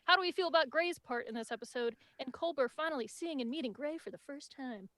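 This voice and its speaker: A woman leads a casual review chat, talking quickly in a high voice and tumbling through her thoughts with lots of "like." Her sound is dry and close, from a home mic on a video call. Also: dry recording. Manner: excitable, chatty, lots of "like". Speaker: podcast host.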